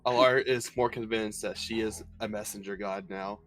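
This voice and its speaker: A man playing a tabletop game, calmly describing his character's actions. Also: lowish voice, moderate pace, faint music behind, rough recording. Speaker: player.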